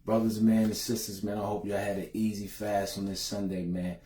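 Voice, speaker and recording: Live-stream host, middle-aged man, low mellow voice, echoey room, folksy and emotional. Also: flat delivery, fairly quick. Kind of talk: casual live-stream talk.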